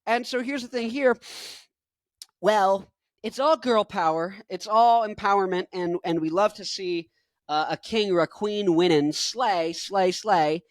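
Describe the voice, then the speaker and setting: A man in his twenties giving rambling, jokey reaction commentary, jumping into loud bursts. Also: sits high, a little slow, no room sound. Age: 20s. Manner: rambling, jokey, goes off on tangents. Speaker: rock musician reacting to a video.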